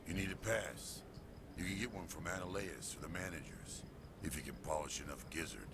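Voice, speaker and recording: An actor playing a dry, sardonic former military tech who grumbles about corporate types, in a video game. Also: male voice, low voice, brisk. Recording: loud noise behind game audio.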